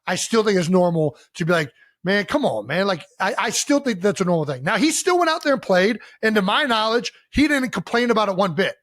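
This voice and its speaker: A man's voice: high-pitched, expressive, a little fast, hardly any pauses, fairly bright tone, dry recording, clean studio sound. A man co-hosting a podcast in casual sports chat, giving long emphatic explanations and swearing often. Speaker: podcast co-host.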